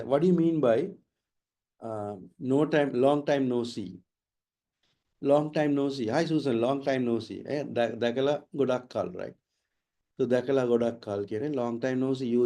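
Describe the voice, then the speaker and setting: A man's voice: mid-range voice, mellow. A man, teaching in a webinar and answering questions with emphatic, explanatory talk that repeats key words. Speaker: IELTS trainer. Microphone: online webinar mic.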